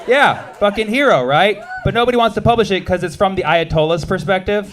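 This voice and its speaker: A man doing a stand-up comedy set, punchy and quick with asides and banter with the crowd. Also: high voice, lively intonation, a bit bright, slight background noise. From United States. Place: comedy club stage with a live audience.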